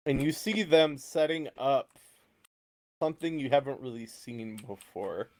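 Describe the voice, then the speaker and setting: A man's voice: medium pitch, animated, measured pace, a little mellow. A man narrating a tabletop role-playing game as game master, casual and rambling, with frequent fillers and restarts.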